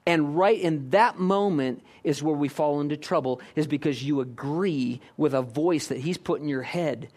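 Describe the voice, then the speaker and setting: A male pastor delivers a sermon with a somewhat high voice. He presses his points with repeated rhetorical questions, often rising in pitch and loudness. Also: normal speed, hardly any pauses.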